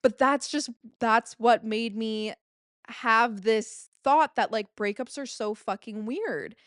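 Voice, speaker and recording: A woman's voice: a little high, takes it slowly, a bit bright, dry recording, clean studio sound. A woman in her late twenties hosting a solo podcast, talking in a rambling, confessional way, full of filler words and casual swearing. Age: late 20s. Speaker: podcast host.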